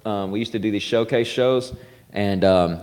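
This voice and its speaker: A man's voice: on the low side, normal speed. A man hosting a podcast, telling stories in a loose, profane, casual chat. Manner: animated, loose, swearing freely. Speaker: podcast host. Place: comedy club. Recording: long reverb in a club room.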